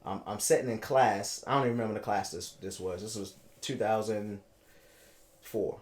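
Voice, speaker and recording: A man in his thirties from Baltimore, a podcast guest telling a personal story in a halting way, repeating words and acting out what people said. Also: on the low side. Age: 30s.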